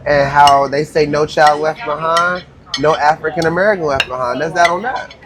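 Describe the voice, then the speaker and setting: A man co-hosting a podcast, chatting casually over a restaurant meal with loud, playful, slangy banter. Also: a little high, steady tone, moderate pace. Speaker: podcast co-host. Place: busy restaurant. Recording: noisy restaurant crowd. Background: restaurant chatter and clinking dishes.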